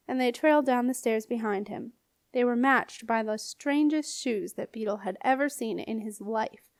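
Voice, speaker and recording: A woman narrating an audiobook with expressive storytelling. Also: fairly high pitch, dry recording, studio quality. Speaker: audiobook reader. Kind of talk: scripted narration.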